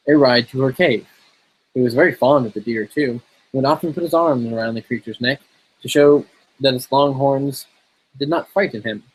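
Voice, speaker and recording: A man casually reading a fairy tale aloud in a relaxed, steady way. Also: medium pitch, slightly rough, poor audio. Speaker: storyteller.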